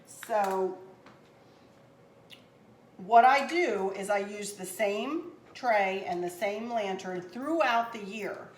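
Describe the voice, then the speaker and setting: A woman's voice: mid-range voice, slow pace. Chatty woman in a roomy home. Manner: chatty, rambling and upbeat. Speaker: craft channel host. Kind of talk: casual craft tutorial chat. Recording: roomy with faint background noise.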